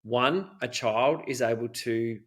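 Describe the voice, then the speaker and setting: In this recording a man of middle age speaks at an ordinary pitch, in an earnest, loose conversational way. He strings thoughts together with frequent "you know"s and restarts, as an interview guest explaining his work. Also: slow pace, fairly bright tone. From Australia. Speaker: guest expert on child safety.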